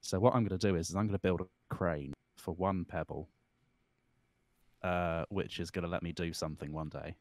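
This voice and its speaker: An English man with a southern English accent and a fairly low voice chats over a board game. He sounds posh and polite, often stammering and restarting his sentences. His voice is recorded dry and close. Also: steady tone, brisk, no room sound. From England. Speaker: game player. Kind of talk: casual chat while playing a board game.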